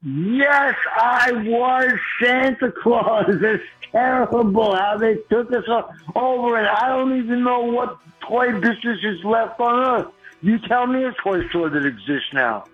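A man's voice: very high voice, expressive, a little slow, breathy edge, faint music behind. A man calling in to a radio show, fired up and earnest, rambling about changing the world. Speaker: regular caller. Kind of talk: phone-in radio call. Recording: dull lo-fi phone-in line.

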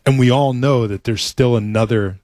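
A middle-aged man, a baseball team executive, talking in a casual interview, earnest and halting, with many restarts and "you know"s. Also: medium pitch, steady tone, a little mellow, no echo.

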